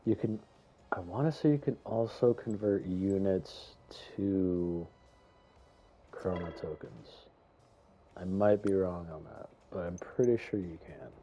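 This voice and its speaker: A young man giving casual, rambling commentary on a video game, chatty and excitable, with lots of fillers and some stuttering. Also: deep voice, slow pace, faint music behind. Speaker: gaming YouTuber.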